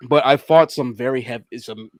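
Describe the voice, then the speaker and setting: A man's voice: mid-range voice, fairly quick, no echo. A man co-hosting a casual podcast, often laughing, restarting sentences and trailing off as he talks. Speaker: podcast co-host. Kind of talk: casual chat about video games.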